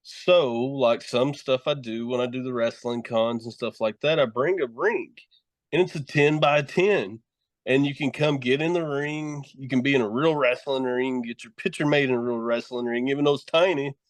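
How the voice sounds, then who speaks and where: A man's voice: medium pitch, moderate pace, no echo. A middle-aged man, a pro wrestler and horror host, telling rambling, profane stories in a casual podcast chat. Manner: profane, rambling storytelling with laughs.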